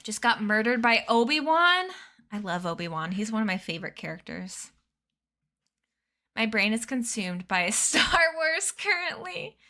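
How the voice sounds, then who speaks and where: A woman's voice: fairly high pitch, big pitch swings, a little slow, bright, forceful tone. A young woman in her twenties chatting casually with her stream chat, bubbly and giggly, sleepy. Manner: bubbly, giggly, reads chat names aloud. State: sleepy, yawning. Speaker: streamer reading a book aloud.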